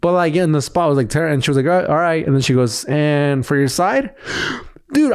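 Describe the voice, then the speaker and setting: A man co-hosting a podcast, telling a story in casual chat with lively quoted dialogue and plenty of swearing. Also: on the high side, fairly quick, clear, resonant tone. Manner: animated storytelling, acting out quotes, frequent swearing. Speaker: podcast co-host.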